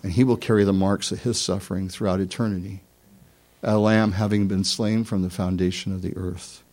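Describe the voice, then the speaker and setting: A man, a pastor, giving a conversational sermon, telling stories and swinging from soft asides to emphatic points. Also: deep voice, level tone, brisk.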